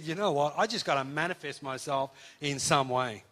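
Man telling a lively testimony. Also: fairly high pitch, moderate pace, few pauses. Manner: animated, acts out quoted voices. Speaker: preacher. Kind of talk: storytelling testimony.

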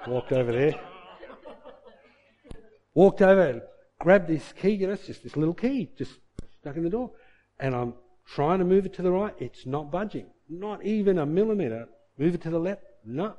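A middle-aged man delivers a sermon built around a personal story, with a fairly high but mellow voice. He drops into a low mutter when he acts out his own frustrated thoughts. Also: expressive, moderate pace, muffled recording. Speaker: pastor.

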